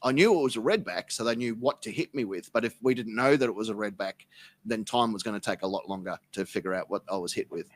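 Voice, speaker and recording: A man with an Australian accent, a podcast guest who swears freely while telling deadpan tall tales in casual chat. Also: lowish voice, quick pace. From South Melbourne, Australia. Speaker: interview guest.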